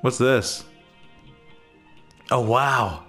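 A man's voice: medium pitch, extremely slow, a bit bright, faint music behind. A man hosting a let's play, reacting playfully to the game with giggles and exclamations. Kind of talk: casual gameplay commentary.

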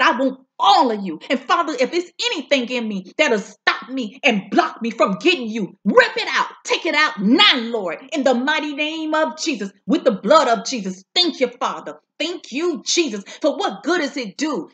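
This high-voiced woman preaches prophetically from her home with fervor and lively swoops in pitch. Lines get repeated for emphasis, and she draws out soulful "ooh"s and "mm"s.

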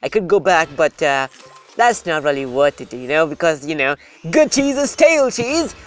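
A gaming host giving playful, rambling let's-play commentary that breaks into sudden excited shouts. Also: medium pitch, moderate pace, background noise.

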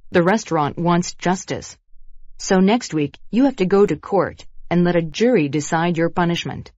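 A woman's voice: lowish voice, normal speed, a little mellow, no echo, close to an everyday voice. Woman reading stern police officer, matter-of-fact, storybook lesson, dry lo-fi audio.

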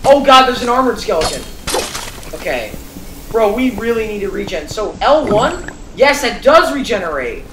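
A woman giving let's play commentary as a gamer, excitable and reacting aloud to every surprise. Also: medium pitch, normal speed, background noise. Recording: roomy, distant mic with game music.

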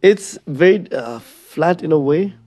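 A man's voice: on the high side, animated, measured pace, warm tone. A man, co-hosting a podcast in casual joking banter. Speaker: podcast co-host. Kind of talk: casual chat.

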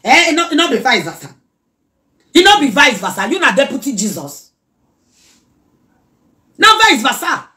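Nigerian woman, high bright voice, preachy Pidgin reaction rant, bursts into song. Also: moderate pace, pauses often. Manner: animated, preachy, mixes Pidgin and local language, breaks into song.

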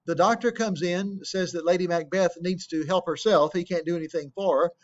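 A high-voiced teacher explains a play a little fast, with fairly even intonation. He is plain and explanatory, reads quotes aloud and poses rhetorical questions. The recording sounds dull and lo-fi.

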